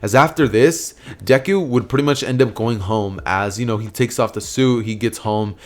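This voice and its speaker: A man's voice: fairly low pitch, normal speed. A man casually narrating a fan story, rambling with lots of fillers and restarts.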